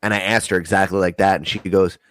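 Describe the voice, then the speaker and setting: Guest storyteller: man, low voice, dry close sound, profane, acts out every quote. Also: steady tone, quick pace, a bit bright, no echo. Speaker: podcast guest. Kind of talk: casual storytelling.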